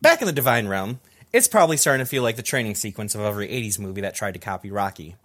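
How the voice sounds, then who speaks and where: A man's voice: lowish voice, expressive, racing, fairly bright tone. A young man hosting a casual comedy podcast, reading a jokey episode recap with asides to his friends. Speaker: podcast host summarizing anime episodes.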